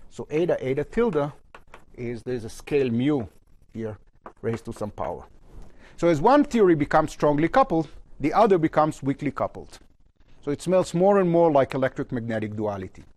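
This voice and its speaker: A man giving a university physics lecture at a blackboard, his phrases often trailing off low at the end. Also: moderate pace. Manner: lively pitch, trails off low at phrase ends. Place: lecture hall.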